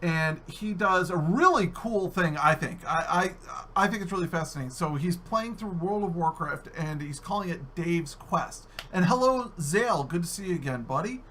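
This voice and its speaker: Chatty podcast host guy, bright voice, kinda high. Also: animated, normal speed, few pauses, slight background noise. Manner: chatty, easygoing questions. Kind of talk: casual podcast interview.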